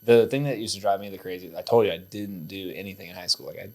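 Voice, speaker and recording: A male podcast host telling a story in casual chat, animated, laughing often and swearing freely. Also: low-pitched, quick pace.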